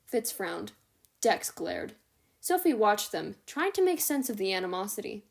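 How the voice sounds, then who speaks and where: A young woman reading a novel aloud as a podcast host, steady with the odd stumble and self-correction. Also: mid-range voice, unhurried, vocal fry. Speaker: audiobook reader, podcast host.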